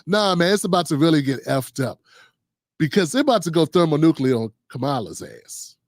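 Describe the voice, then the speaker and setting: A man's voice: on the high side, very animated, brisk, no echo, studio quality. A middle-aged man hosting a casual political commentary livestream, riffing loosely with slang and quoted voices. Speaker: host.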